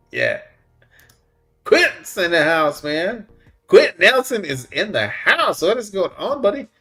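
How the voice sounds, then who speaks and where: A man's voice: high voice, very animated, slow pace, long pauses, pushed and bright, breathy edge, faint music behind. Laid-back man chatting on a livestream. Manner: laid-back, chuckles often, says "man" and "buddy" a lot. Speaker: livestream host reading chat. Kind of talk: casual live-stream chat.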